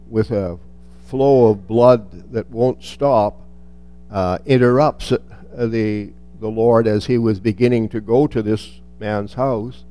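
A man's voice: lowish voice, dark tone. A man reading a Bible passage aloud and then commenting on it in a reflective teaching style, with restarts and touches of dry humor.

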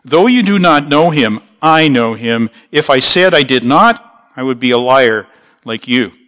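A male pastor teaching a Bible passage verse by verse, at an ordinary pitch for a man. His tone is bright and forward. He explains as he goes, pausing to restart a phrase now and then. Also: lively intonation.

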